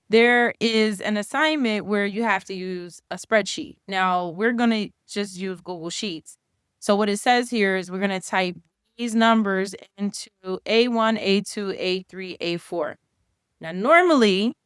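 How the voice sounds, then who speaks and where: A woman teaching a screen-recorded software lesson, speaking slowly and muttering her steps aloud as she works. Her voice is smooth and clear, recorded dry and close with no room sound. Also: medium pitch, no echo. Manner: chatty, thinks aloud while clicking. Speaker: college instructor.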